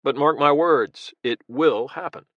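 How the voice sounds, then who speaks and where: A man's voice: fairly high pitch, unhurried, a bit bright, no echo, dull audio. A man voicing an intense American former Marine leader who speaks bluntly and earnestly.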